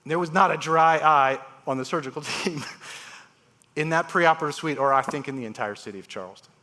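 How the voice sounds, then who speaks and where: A man speaks on a live stage, telling surgery stories in a bright, forceful voice that sits a little high for a man. He swings his delivery widely, acting out each patient's words. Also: a little fast. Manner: animated, acts out patients' voices. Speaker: transplant surgeon giving a talk. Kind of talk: storytelling speech on stage. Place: large live event hall.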